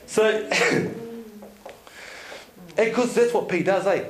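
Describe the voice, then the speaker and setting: A man giving a seminar talk to an audience, telling stories in an animated way, laughing often and checking in with "yeah?". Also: high voice. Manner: animated storyteller, laughs often, tag questions. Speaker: seminar speaker. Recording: echoey room.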